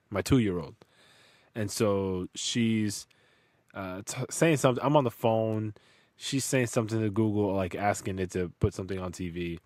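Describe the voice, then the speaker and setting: A man with a fairly low voice hosts a podcast in easygoing, slangy chat. The sound is dry and close. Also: darkish tone, no room sound. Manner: easygoing, slangy, introduces guests. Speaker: podcast host. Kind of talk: casual chat.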